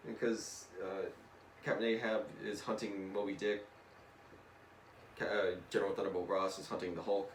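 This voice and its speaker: A young man casually retelling a comic story to a friend in an animated way, slipping into voices and swearing now and then. He is recorded from a distance in an echoey room. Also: sits low, moderate pace, pauses often. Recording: echoey room, distant mic, faint noise.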